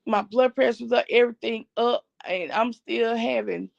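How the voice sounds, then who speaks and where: A middle-aged woman with a very gravelly, fry-heavy voice tells a long story to her viewers, keeping up a steady stream of "I said, he said." Her pitch sits a little high, and the sound is dull and dry, like a lo-fi stream. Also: moderate pace, dry recording. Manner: chatty, retells others' words with "I said, he said". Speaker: family channel host. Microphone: streaming setup.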